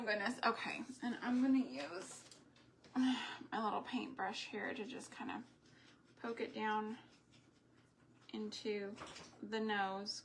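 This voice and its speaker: A woman's voice: mid-range voice, a little hiss or hum. A woman hosting a live crafting stream, chatting in long rambling asides while she works with her hands. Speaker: homesteading craft host.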